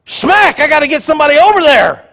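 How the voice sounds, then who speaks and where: Squeaky, panicked deity caught off guard, as a preacher puts him on. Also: male voice, big pitch swings, fast talker, fairly bright tone, big-room sound, full character voice. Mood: startled. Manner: exclaiming, casual slang.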